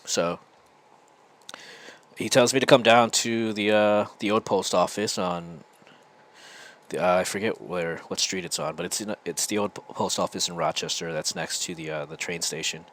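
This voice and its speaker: A man's voice: low-pitched, fairly even intonation, moderate pace, a bit bright. An American man hosting a podcast, telling a casual, rambling story full of restarts. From United States. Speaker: podcast host.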